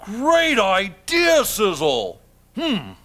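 An excitable, goofy puppet dog. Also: male voice, high-pitched, very slow, full character voice. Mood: excited. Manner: excitable, bumbling, gasping. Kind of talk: children's TV puppet show acting.

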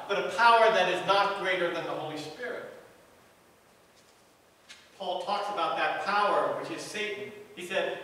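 A man's voice: high voice, sharp tone, a little hiss or hum. A man preaching a sermon as pastor of a church, earnest and repetitive in his cadence. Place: church sanctuary. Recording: echoey church hall from far off.

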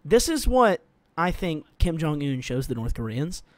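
A man's voice: on the high side, measured pace, no room sound. A young man hosting a music reaction video, chatting casually and rambling with lots of swearing and jokes. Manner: rambling, profane, jokey, animated.

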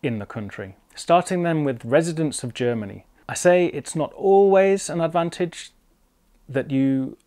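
British man giving a relaxed language lesson. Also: fairly high pitch, a little slow. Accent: British English. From United Kingdom. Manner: thoughtful, with small restarts and careful pronunciation examples. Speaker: language teacher. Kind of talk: casual spoken lesson. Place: Germany.

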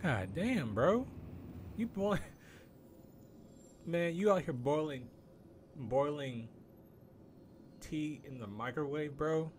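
A man's voice: on the high side, expressive, slow, pauses often, slight background noise. A young man ranting casually on a game live stream, incredulous and profane, calling everyone "bro".

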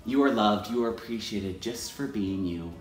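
A man teacher talking in a personal confessional vlog, very expressive, jumping into high voices to act out his own thoughts and going soft and gentle for self-affirmations. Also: moderate pace, reverberant. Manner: expressive, jumps into high acted inner voices; ends softly with self-affirmations. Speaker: teacher and video blogger.

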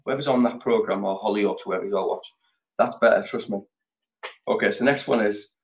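A man's voice: fairly low pitch, poor audio. A man hosting a sales training session, chatty and direct, with a jokey motivational tone.

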